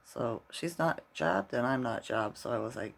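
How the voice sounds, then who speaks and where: Gravelly middle-aged man rambling to camera. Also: medium pitch, moderate pace. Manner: rambling storyteller, constantly tags "right?". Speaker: vlogger. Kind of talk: casual rambling vlog.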